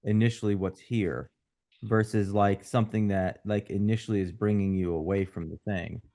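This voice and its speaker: Seminar participant, man, lower pitch, halting rambler. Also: fairly even intonation, mellow. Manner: rambling, halting, full of "like" fillers. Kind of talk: casual group video call.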